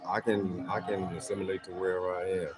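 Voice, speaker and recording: A man's voice: low-pitched, level tone, fast, over loud music, rough recording. A middle-aged man hosting a casual livestream from home, chatting with viewers in a laid-back, rambling way and often saying "man.". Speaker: livestream host. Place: at home in a hot city neighborhood.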